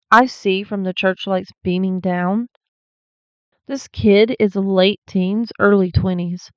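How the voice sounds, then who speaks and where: A woman with a clear, resonant, mid-range voice hosts a channel where she reads paranormal stories aloud, breaking in with blunt, swearing asides. There is no room sound, though the lo-fi recording is slightly dull.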